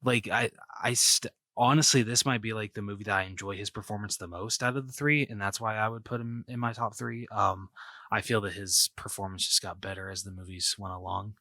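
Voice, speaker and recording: A man's voice: fairly low pitch, steady tone, fairly quick, bright, forceful tone, no echo. A man co-hosting a podcast, talking casually about movies and rambling with lots of fillers and restarts. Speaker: podcast co-host.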